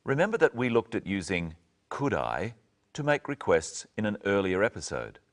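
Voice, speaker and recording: A man presenting an English lesson, speaking slowly and clearly and carefully modelling each phrase for learners. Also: low voice. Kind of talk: slow, clear teaching narration.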